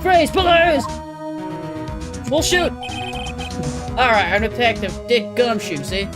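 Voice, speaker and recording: Girl putting on a blustery tough-guy detective, "see?" type talk, voice pushed up high, game music going. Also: a little fast, lightly acted. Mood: blustering. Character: gruff blustering male police detective.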